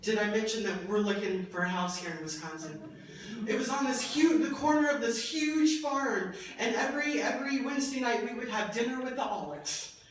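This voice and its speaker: High-voiced woman speaking in an echoey hall. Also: normal speed, distant mic, slight background noise. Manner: passionate, animated storytelling with laughter. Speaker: keynote speaker. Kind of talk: emotional testimonial speech. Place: large event hall.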